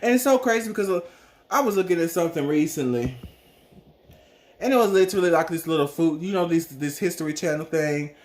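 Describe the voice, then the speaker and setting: A man's voice: fairly high pitch, lively intonation, brisk, a little hiss or hum. A man from South Mississippi giving earnest personal commentary, full of rhetorical questions. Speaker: vlogger.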